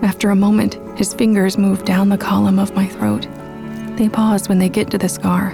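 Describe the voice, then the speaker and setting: Soft-spoken woman narrating an audiobook. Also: mid-range voice, little pitch movement, normal speed, vocal fry. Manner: soft, intimate and reflective. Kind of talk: first-person audiobook narration. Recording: with background music.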